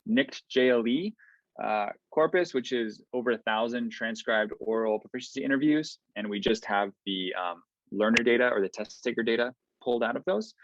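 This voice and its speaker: A man lecturing over a video call, talking things through in a loose, explanatory way and filling pauses with ums and okays. His voice sits in a middle pitch. The audio is dry and a little dull and lo-fi. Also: no room sound. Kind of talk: online academic lecture.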